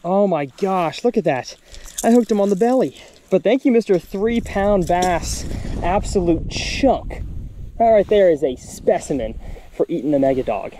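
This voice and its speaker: An excitable man with a drawl narrates his fishing trip from a boat, his pitch leaping wildly as he cheers and coaxes the fish. His voice is warm and mellow, with faint outdoor noise behind him. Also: moderate pace. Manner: excitable, exclaims and talks to the fish. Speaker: fishing channel host. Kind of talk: excited fishing vlog commentary.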